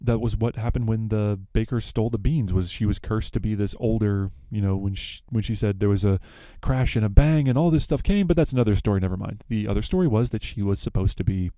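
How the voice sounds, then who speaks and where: A man's voice: fairly low pitch, brisk, hardly any pauses, dark tone, dry recording. A young man hosting a podcast, casually retelling a plot with lots of fillers and self-corrections. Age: young adult. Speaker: podcast host.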